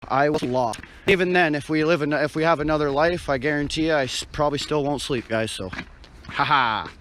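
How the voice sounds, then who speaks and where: A man talks into his phone while he walks a cold night street, out of breath and sighing between his thoughts. His pitch sits a little high for a man, and his talk rambles with fillers and restarts. Loud traffic and street noise fill the recording. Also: a little fast. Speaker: live streamer. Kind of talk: casual live-stream chat. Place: outdoors on a frosty night street.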